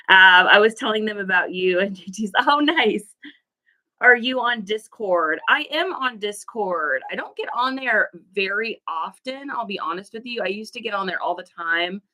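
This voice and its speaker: A woman's voice: fairly low pitch, bright, forceful tone. A woman hosting a casual livestream as a reseller, chatty and laughing often as she greets viewers by name. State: allergies, puffy eyes.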